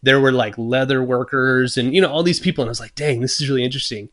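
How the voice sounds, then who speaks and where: A man of middle pitch tells a story in relaxed interview talk. He acts out his own thoughts and what others said, with plenty of ums and restarts along the way. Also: fast talker. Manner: many fillers and restarts. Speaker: guest luthier. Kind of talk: casual storytelling.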